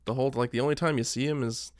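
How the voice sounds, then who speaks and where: Animated man in casual chat. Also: medium pitch, no room sound, clean studio sound. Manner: animated, fills every pause with "like", acts out his own thoughts in quotes. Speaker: podcast co-host.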